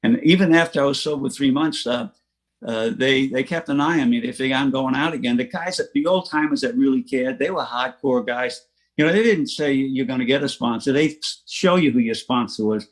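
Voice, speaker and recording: Older man, middle pitch, plain-spoken storyteller at a recovery meeting, restarts and small laughs, online-meeting audio. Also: a little fast. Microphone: online meeting from home.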